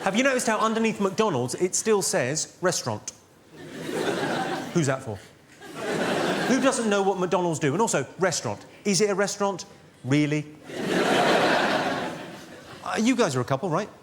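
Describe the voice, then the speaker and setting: A man doing stand-up on stage, delivering deadpan one-liners with a noticeably high voice. Heavy audience laughter rolls in under his jokes on a stage mic. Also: moderate pace, pauses often, very noisy. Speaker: stand-up comedian. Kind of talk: stand-up comedy. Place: large theatre with live audience. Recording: loud audience laughter behind.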